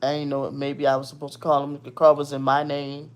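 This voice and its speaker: A woman from Virginia hosting her show, casually telling a personal story in a blunt, animated, profane way. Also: rumbling low, quick pace.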